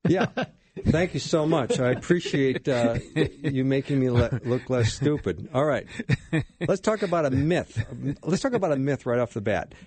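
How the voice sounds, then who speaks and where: A man's voice: medium pitch, expressive, normal speed, darkish tone, husky, no echo. A man hosting a Christian talk radio show in a studio, casual and self-deprecating with his guests.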